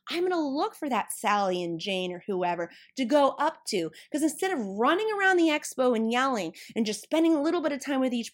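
Woman in her 30s doing a solo business podcast, kinda high voice, acts stuff out as she goes. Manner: animated, acts out little scenes in quoted voices. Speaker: business coach and podcast host.

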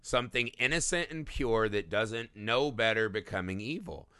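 Man, podcast co-host, casual film talk, lively pitch, dry close sound, profane. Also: clean tone, dry recording. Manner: animated, profane, acts out characters in quick bits. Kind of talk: casual movie discussion.

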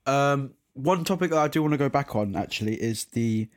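A man's voice: medium pitch, animated, fairly quick. A young man hosting a casual podcast, rambling and swearing freely. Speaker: podcast host. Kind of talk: casual chat.

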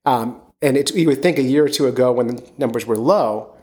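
A man's voice: mid-range voice, brisk, darkish tone. Chatty male podcast host. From Philadelphia area. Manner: chatty, joking. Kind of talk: casual podcast chat.

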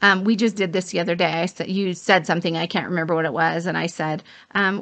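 A woman's voice: fairly low pitch, steady tone, fairly quick, sharp tone. Married woman giving relationship advice. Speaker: co-host. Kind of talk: casual relationship advice chat.

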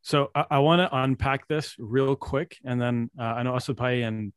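A man's voice: mid-range voice, normal speed, smooth, no echo, clean studio sound. A man hosting a podcast, reflecting and explaining in a casual chat, then handing over the turn. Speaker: podcast host.

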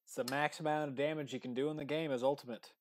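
A man with a somewhat high voice hosts a casual podcast chat. He explains game tricks in a relaxed, conversational way. He talks into a computer mic over a remote call. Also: fast talker, a crowd in the background. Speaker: podcast host.

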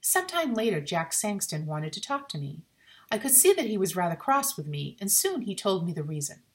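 Woman storyteller, suspenseful reading, very lively pitch, mid voice. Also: moderate pace. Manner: expressive, suspenseful. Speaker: narrator.

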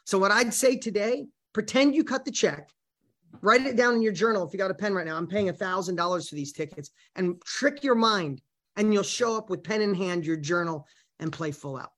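A man in middle age gives a motivational talk, weaving personal stories with fierce, emphatic drive. His voice sits fairly high for a man. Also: normal speed, fairly bright tone. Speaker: motivational speaker.

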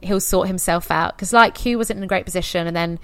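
A woman in her thirties, a podcast guest candidly telling her birth stories in a chatty, expressive way. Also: fairly low pitch, brisk, no room sound. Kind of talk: casual birth story telling.

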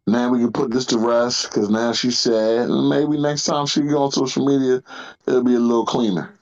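A man's voice: mid-range voice, steady tone, moderate pace, a little mellow, lo-fi sound. A man co-hosting a podcast in a laid-back, casual way, often saying "you know what I'm saying". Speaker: podcast co-host. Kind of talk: casual chat.

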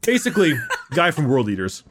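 A man's voice: on the high side, wildly swooping pitch, fairly quick, a bit bright, slight background noise. A man hosting a podcast, chatting casually and stumbling over names with laughs. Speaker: podcast host. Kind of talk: casual chat.

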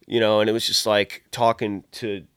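A man with a low voice, recorded close and dry, telling long loose stories about building guitar pedals. He swears freely and slips into acting out what people said to him. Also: level tone, normal speed, fairly bright tone, clear, resonant tone, no room sound. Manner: rambling storyteller, heavy swearing, acts out quoted dialogue. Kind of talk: casual podcast chat.

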